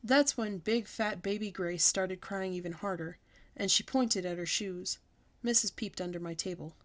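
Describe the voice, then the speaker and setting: A woman's voice: medium pitch, normal speed. Woman reading a children's book aloud. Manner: lively, expressive storybook reading. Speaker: storyteller.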